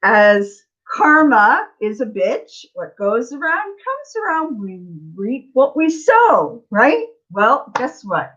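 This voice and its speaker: With a fairly high, somewhat bright voice and big pitch swings, a middle-aged psychic tarot reader talks slowly but barely pauses. Her storytelling on the live Q&A stream is blunt, chatty and digressive, and the lo-fi audio is slightly dull.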